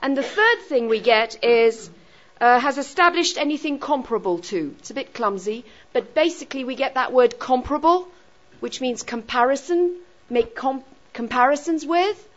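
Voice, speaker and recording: A woman's voice: high voice, normal speed, lo-fi sound. A woman teaching a grammar lesson to a class, often checking in with rhetorical questions such as "right?" and "okay?".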